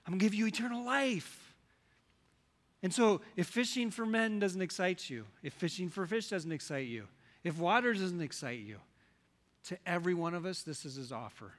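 Male preacher, slightly high and forceful, quizzes his congregation, recorded in a reverberant church hall. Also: lively intonation, moderate pace. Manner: questions the congregation, swings between loud and soft. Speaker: pastor. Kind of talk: sermon.

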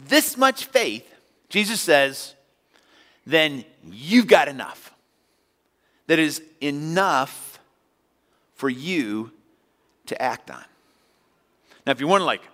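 With a fairly high pitch and a sharp tone, the pastor talks to his church congregation in a conversational way, acting out brief scenes along the way. Long hall reverb fills the sanctuary recording.

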